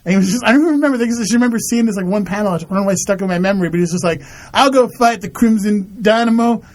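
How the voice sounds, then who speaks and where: A young man guests on a casual comedy podcast, rambling and swearing while he acts out quotes. His voice is very high for a man. He talks at a quick clip. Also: darkish tone.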